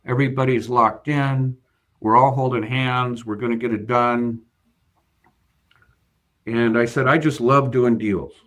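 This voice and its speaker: A man's voice: medium pitch, fairly even intonation, a little slow, long pauses, a bit bright. A man, a bank finance executive, being interviewed and earnestly recounting a work story, with frequent fillers and restarts. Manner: earnest, hesitant with many fillers and repeated starts. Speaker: bank CFO, guest.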